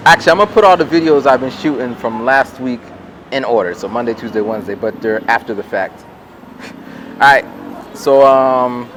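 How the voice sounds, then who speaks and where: A man in his forties, a vlogger and rapper, telling rambling stories in a casual vlog and breaking into animated impressions of the people in them. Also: mid-range voice, slight background noise. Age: 40s.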